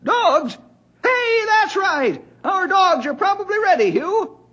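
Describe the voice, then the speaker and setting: An actor playing a feisty, bow-legged old male forest ranger who talks in a folksy, boastful, excitable way, in 1950s radio drama style. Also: extremely high pitch, slow, heavily acted. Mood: excited. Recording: dull lo-fi old radio recording.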